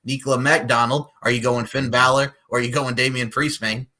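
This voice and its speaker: A man hosting a wrestling podcast, talking loudly and jokingly, breaking into rap lyrics and hype calls. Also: mid-range voice, little pitch movement, fairly quick. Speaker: podcast host. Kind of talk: casual wrestling podcast chat.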